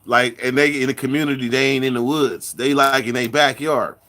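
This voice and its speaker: Bright-voiced man telling loose stories. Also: medium pitch, fairly even intonation. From California. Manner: loose storytelling, drawn-out words, repeats himself. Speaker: podcast host. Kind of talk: casual chat.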